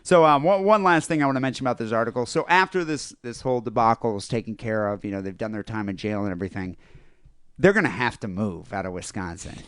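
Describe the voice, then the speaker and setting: A man's voice: mid-range voice, fast talker, a bit bright, smooth, dry recording, clean studio sound. A man co-hosting a casual comedy podcast, rambling through a news story with lots of fillers and laughter. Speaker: podcast co-host.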